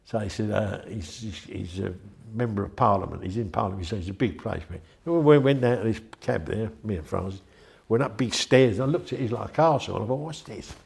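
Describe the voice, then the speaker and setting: A man's voice: on the low side, fairly quick, vocal fry, hardly any pauses, a little mellow. An older man, chatty and rambling as he tells anecdotes in an interview. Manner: rambling, chatty, with frequent restarts. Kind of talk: anecdotal storytelling.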